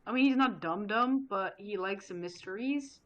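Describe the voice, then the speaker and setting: A woman's voice: medium pitch, normal speed, lo-fi sound. A woman chatting playfully as a player in a tabletop game, describing her character's moves. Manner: playful, animated, casual swearing. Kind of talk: casual tabletop game chat.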